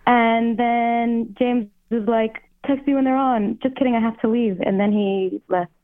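Deadpan woman caller on a tinny phone. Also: on the high side. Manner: slow, deadpan and drawn out.

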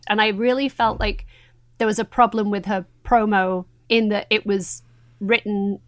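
A woman's voice: mid-range voice, fairly even intonation, normal speed, dry recording. A woman co-hosting a podcast, chatting animatedly and laughing easily. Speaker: podcast co-host. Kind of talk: casual wrestling chat.

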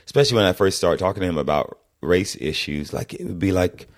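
A middle-aged man from the American South chatting casually on a comedy podcast, an animated storyteller who acts out the people in his anecdotes. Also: low voice, fast talker. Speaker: podcast guest.

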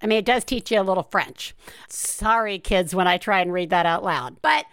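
A woman's voice: medium pitch, normal speed, a bit bright, clear, resonant tone, dry recording. A woman hosting a podcast, chatting casually with an enthusiastic, giggly manner on a close mic. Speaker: podcast host.

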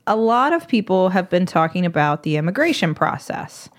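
A woman's voice: fairly low pitch, big pitch swings, normal speed. A woman doctor co-hosting a podcast, explaining things casually with some hesitations and teasing. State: recovering voice after illness. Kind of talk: casual chat.

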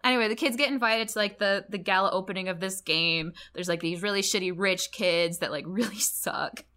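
A woman co-hosts a loose podcast chat, her voice bright and sharp-edged. She rambles through her points, peppering them with "like" and laughing as she goes. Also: medium pitch, fairly quick. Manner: rambling, heavy on "like", laughs often. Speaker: podcast co-host. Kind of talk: casual chat.

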